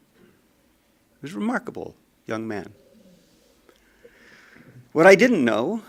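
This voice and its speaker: An older man telling a personal story, animated and acting out his own rising anger. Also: on the low side, creaky. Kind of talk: storytelling talk.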